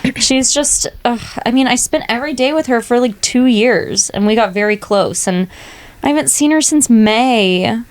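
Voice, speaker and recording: Chatty young woman cohosting a podcast, bubbly, says like a lot, voice on the higher side. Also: normal speed. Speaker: podcast co-host. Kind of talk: casual chat.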